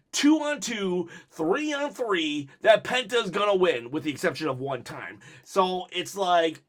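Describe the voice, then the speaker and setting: A man hosting a wrestling video channel, talking in a casual, animated way, full of fillers and laughing often as he goes. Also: sits high. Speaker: wrestling vlog host. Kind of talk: casual commentary.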